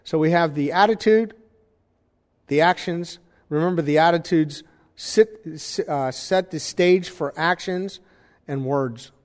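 Delivering a Sunday sermon, a pastor teaches emphatically and puts questions to the congregation. He speaks unhurriedly in a voice on the high side, and the recording carries a long hall reverb.

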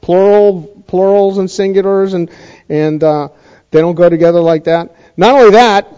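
A man's voice: sits high, moderate pace, warm tone, clear, resonant tone. A man teaching a Bible passage to a congregation in a conversational sermon style, often checking in with his listeners and repeating points for emphasis. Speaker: pastor teaching a Bible study. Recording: dull lo-fi recording.

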